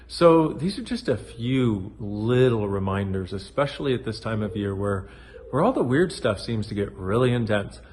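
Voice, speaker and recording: A middle-aged man talks straight to camera in a self-help video, loose and playful. His pitch sits in the middle for a man, and he jumps off track now and then and drops the odd swear word. He sounds animated. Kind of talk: casual motivational talk to camera.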